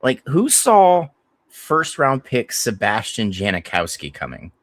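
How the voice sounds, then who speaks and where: A man co-hosting a podcast, telling stories in a lively, profane, casual way. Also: medium pitch, measured pace, no echo. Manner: animated, profane storytelling. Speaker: podcast co-host. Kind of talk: casual chat.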